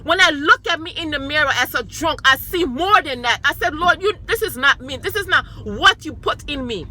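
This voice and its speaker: A woman's voice: high voice, lively intonation, normal speed, pushed and bright. A woman sharing her personal testimony with emphatic, repeated declarations, speaking of her faith and her sons. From New York.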